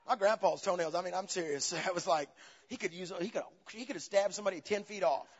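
A man preaching a sermon as pastor, swinging between loud, animated passages and low, quiet asides. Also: fast, breathy edge. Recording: dull, long reverb of a large hall.

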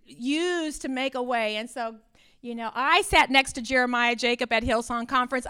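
Bright, high-voiced woman pastor in her fifties. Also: clean tone. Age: 50s. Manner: animated storytelling, rising to near-shouting in acted exchanges. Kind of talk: conference talk.

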